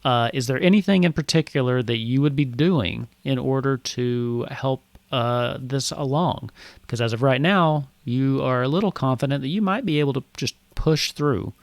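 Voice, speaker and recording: A man's voice: medium pitch, moderate pace, no room sound. A man narrating as game master of a tabletop game, loose and full of fillers.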